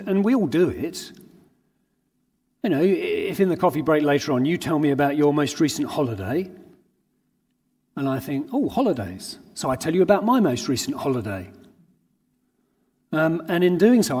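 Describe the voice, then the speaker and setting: Male conference preacher, fairly high husky voice, earnest and anecdotal, long hall reverb. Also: darkish tone. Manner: earnest, uses everyday anecdotes. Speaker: conference speaker. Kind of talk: sermon.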